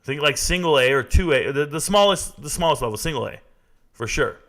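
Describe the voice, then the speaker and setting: Brief: man in his forties, bright forceful voice, animated casual stream host. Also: on the high side, fairly quick. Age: 40s. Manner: animated, reads and answers chat. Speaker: sports talk live streamer. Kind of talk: casual live-stream chat.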